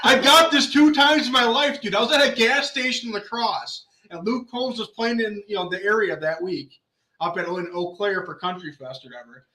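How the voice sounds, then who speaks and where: A man's voice: high-pitched, normal speed, bright, forceful tone, roomy sound, low-quality recording. A man hosting a podcast, telling rambling stories in casual chat and swearing often. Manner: swears a lot, rambling storyteller. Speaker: podcast host.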